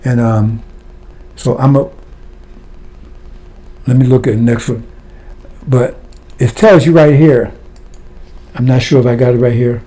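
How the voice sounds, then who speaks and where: A man's voice: mid-range voice, measured pace, long pauses, warm tone. A man preaching a fiery sermon, blunt and impassioned, firing rhetorical questions at his listeners.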